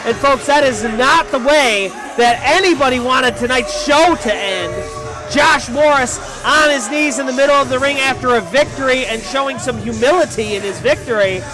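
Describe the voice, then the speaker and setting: High-voiced excited wrestling play-by-play man. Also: normal speed. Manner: excited, often shouting calls. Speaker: play-by-play commentator. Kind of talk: wrestling commentary. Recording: commentary over loud arena crowd and music.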